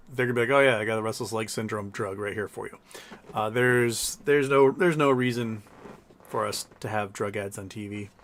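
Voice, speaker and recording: A man's voice: fairly high pitch, fairly bright tone. A man hosting a casual live stream, reading viewer messages aloud and answering them in a blunt, profane, mocking way.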